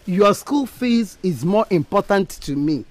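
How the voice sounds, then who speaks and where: A woman's voice: mid-range voice, lively intonation, measured pace, darkish tone, close to an everyday voice. An actress with a Nigerian accent playing a determined mother who reassures her child and refuses to back down. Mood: firm. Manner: firm, reassuring. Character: determined mother set on paying school fees. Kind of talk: film drama acting.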